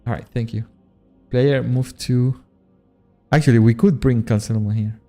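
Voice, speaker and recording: Faint music sits behind a man with a steady, mellow, medium-pitched voice speaking at a moderate pace. As a streamer and modpack creator, he casually chats with his viewers during gameplay, cursing frequently and poking fun at himself.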